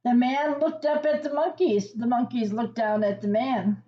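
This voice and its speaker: A woman reading a picture book aloud to children, pausing to ask them questions and explain words. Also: a little high, fairly even intonation, highs cut off. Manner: gentle teacherly asides and questions to the listener. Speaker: children's story reader.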